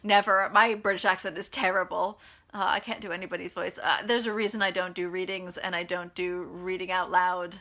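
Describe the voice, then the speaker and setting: A woman's voice: lowish voice, flat delivery, brisk, pushed and bright. An American woman, an author, chatting casually through a live reader Q&A in a frank, self-deprecating way with lots of fillers. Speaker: author answering reader questions. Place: at home in California.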